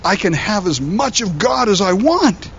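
A man who is a pastor, preaching a sermon in an animated, conversational way, often repeating words as he goes. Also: sits high, unhurried, creaky, highs cut off, slight background noise.

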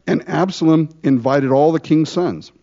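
A man preaching a conversational sermon, full of rhetorical questions and lively asides. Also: fairly high pitch, normal speed, lo-fi sound. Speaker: pastor.

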